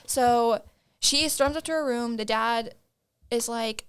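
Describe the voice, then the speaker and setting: A woman's voice: on the high side, slow pace, clean tone. Chatty young woman podcast co-host. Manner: chatty, lots of "like". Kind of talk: casual chat.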